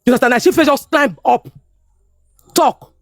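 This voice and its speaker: A Nigerian woman in her fifties speaks at normal speed in a high voice, recorded dry at studio quality. Emphatic and repetitive, she talks heatedly in Pidgin-laced English, constantly asking "you understand me?"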